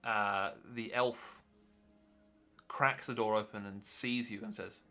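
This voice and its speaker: A man narrating as game master, relaxed and hesitant with many fillers. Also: fairly low pitch, slow, long pauses, soft background music.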